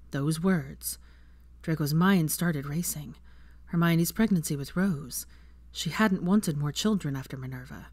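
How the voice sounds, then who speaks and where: A fan fiction reader narrating a chapter aloud in a calm, steady way. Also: mid-range voice, no room sound. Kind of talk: reading a novel aloud.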